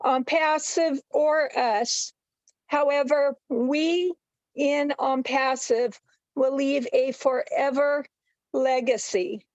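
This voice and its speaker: High-pitched woman slow n emotional on a muffled webinar call. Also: fairly even intonation, no echo. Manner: heartfelt, emotional. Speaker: webinar participant. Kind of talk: emotional testimonial. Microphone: video call.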